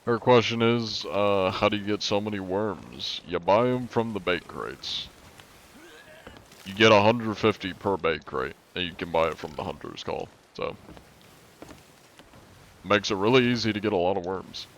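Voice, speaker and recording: A young man streaming a game live, chatting in a relaxed way and answering his chat while he plays. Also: fairly low pitch, moderate pace, a little hiss or hum.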